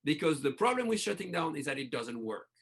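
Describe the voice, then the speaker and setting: High, gravelly man speaking passionately. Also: very animated, brisk. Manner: passionate, restarts phrases, speaks in bursts. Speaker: breathwork coach, podcast guest. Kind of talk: enthusiastic interview talk.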